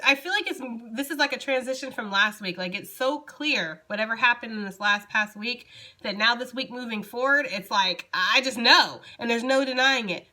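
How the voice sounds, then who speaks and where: A woman's voice: medium pitch, bright, forceful tone. A young woman giving a casual, chatty tarot reading and talking straight to her viewers. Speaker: tarot reader.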